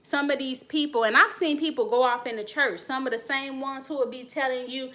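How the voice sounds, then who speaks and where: A woman's voice: sits high, fairly even intonation, brisk, sharp tone. A woman hosting her channel, talking bluntly and animatedly to camera. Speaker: channel host. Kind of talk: casual talk to camera.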